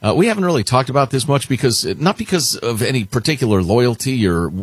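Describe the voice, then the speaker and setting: A man's voice: mid-range voice, lively intonation, quick pace, breathy edge, dry recording. A man hosting a political talk radio show, chatting casually with a wry, sardonic edge.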